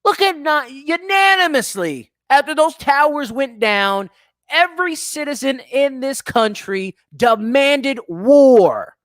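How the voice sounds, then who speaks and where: A man's voice: extremely high pitch, slow pace, no room sound, studio quality. A man hosting a livestream talk show, ranting casually and profanely while answering viewer comments. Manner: profane, animated rant.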